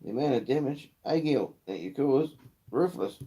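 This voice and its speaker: A man's voice: medium pitch, expressive, moderate pace, warm tone. A young man with a New Zealand accent hosting a casual live chat, slangy and swearing freely, calling viewers mate and bro. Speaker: livestream host.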